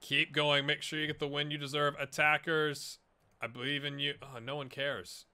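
A man's voice: a little high, flat delivery, moderate pace, sharp tone, clear, resonant tone. A man casually commenting on his own football management game, chatty and self-mocking, urging his players on. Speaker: gaming YouTuber.

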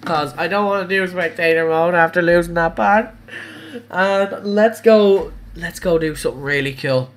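A man, streaming a racing game live and talking to chat, excitable and crying out at crashes. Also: high voice, normal speed, a little hiss or hum. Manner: excitable, cries out at crashes and wins. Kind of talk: live gameplay commentary.

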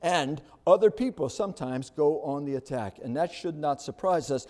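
A man's voice: fairly high pitch, normal speed, darkish tone. A middle-aged male pastor preaching a sermon, building emphasis with rhetorical questions.

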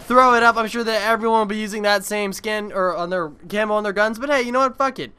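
A man's voice: high-pitched, fast, sharp tone, smooth. A young man giving casual gameplay commentary on his own video, rambling and swearing freely. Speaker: gaming video creator.

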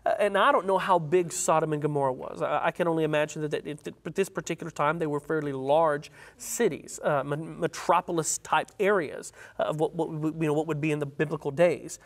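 A panelist on a Sabbath School Bible study panel, teaching in an earnest, halting way with many restarts, and reading scripture aloud with rising emphasis. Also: medium pitch, steady tone.

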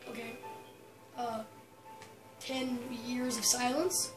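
A woman giving casual gameplay commentary at home, excitable and prone to sudden shrieks and yells. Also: on the high side, normal speed, long pauses. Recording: roomy echo, faint music.

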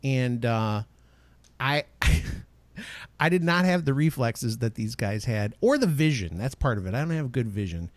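A man's voice: mid-range voice, expressive, unhurried, no echo. A middle-aged man co-hosting a podcast, talking animatedly and acting out quotes in exaggerated voices. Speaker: podcast co-host. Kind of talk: casual podcast chat.

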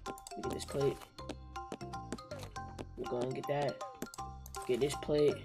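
A young woman giving excitable, slangy gameplay commentary, yelling and muttering to herself in bursts. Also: rumbling low, slow pace, over loud music. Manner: yells and laughs in bursts, slangy, mutters to self. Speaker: gaming YouTuber.

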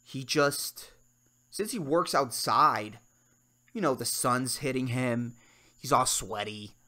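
A young man hosts a solo comedy podcast in Puerto Rico, ranting with heavy swearing and swinging between worked-up outbursts and mumbled asides. His voice is medium-pitched, slow, pushed and bright.

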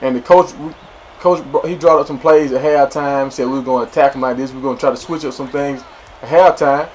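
A man's voice: mid-range voice, fairly quick, a little hiss or hum. A young man giving casual, slangy, playful commentary over his own gameplay, hyping up the plays. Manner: animated, slangy, playful hype.

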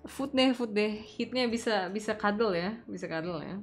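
A woman with an Indonesian accent streaming a game, casually chatting, reading the game text aloud and breaking into excited shrieks. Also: medium pitch, normal speed, soft background music. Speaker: VTuber streamer. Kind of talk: casual gameplay commentary.

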